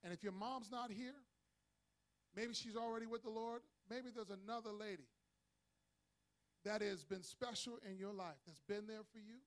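A man preaching a sermon as pastor, leading the congregation in call-and-response and swelling to shouts. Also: high-pitched, normal speed, long pauses.

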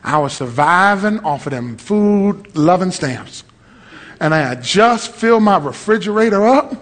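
A preacher man delivering a lively storytelling sermon, acting out voices and rising to shouts. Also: high voice, a little slow. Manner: animated, acts out voices, shouts at peaks. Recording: long hall reverb.

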